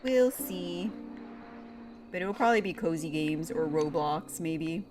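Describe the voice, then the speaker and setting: A woman's voice: low-pitched, normal speed, music in the background. A young woman, playfully chatting with her viewers by name while streaming a cozy game. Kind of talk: casual live-stream chat with chat.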